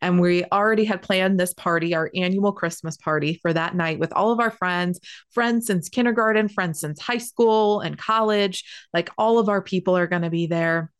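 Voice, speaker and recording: A young woman tells a personal story, chatty and animated, eagerly running from one detail to the next and using "like" constantly. Her voice is fairly low-pitched and clean in tone, at a normal speed.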